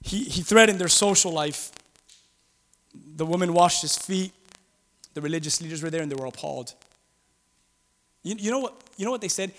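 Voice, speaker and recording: A man preaching a conversational sermon, animated, with rhetorical questions and acted-out quoted voices. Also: on the high side, normal speed, pauses often. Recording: long reverb of a large hall.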